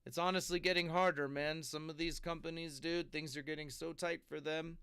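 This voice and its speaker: Male podcast host, laid-back and slangy, smooth tone, dry sound. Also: on the high side, steady tone, brisk, sharp tone, no echo. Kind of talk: casual chat.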